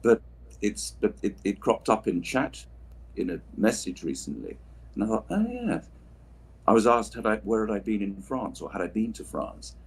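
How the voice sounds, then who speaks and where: Husky-voiced man telling rambling anecdotes. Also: fairly low pitch, normal speed. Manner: rambling, anecdotal, many restarts and asides. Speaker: voice actor signing prints for fans. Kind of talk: casual livestream chat.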